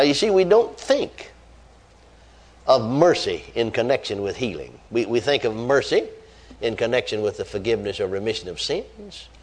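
Fervent male preacher, lively pitch. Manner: reads scripture aloud then stresses points with rising emphasis; repeats phrases, fervent exclamations. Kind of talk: sermon.

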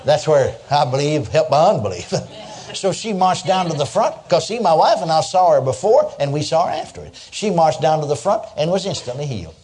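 A man's voice: fairly high pitch, big pitch swings, brisk, a little mellow. An older man preaching a sermon, telling stories in a folksy way and chuckling as he goes. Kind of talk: sermon with storytelling.

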